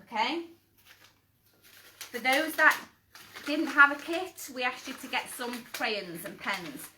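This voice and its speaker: A woman leads a live kids' craft and cooking class with a bright, forceful, fairly high voice. She is chatty and encouraging and jokes about her own poor drawing. The sound is echoey, from a reverberant indoor room. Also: a little hiss or hum. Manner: chatty, encouraging, self-deprecating, calls out children by name. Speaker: children's cooking class host.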